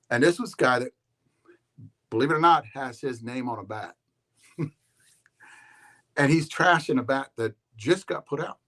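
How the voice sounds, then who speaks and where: A man hosting a podcast, talking in a loose, rambling way with animated storytelling and frequent restarts. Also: medium pitch, normal speed, pauses often. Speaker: podcast host. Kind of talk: casual rambling monologue.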